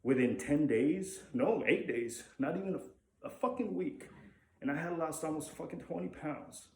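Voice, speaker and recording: A man's voice: fairly high pitch, moderate pace. Candid man telling a story, echoey room. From Mexico. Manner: candid, swears freely, rambling with restarts. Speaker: vlogger. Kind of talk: casual storytelling to camera. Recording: echoey room with faint ambience.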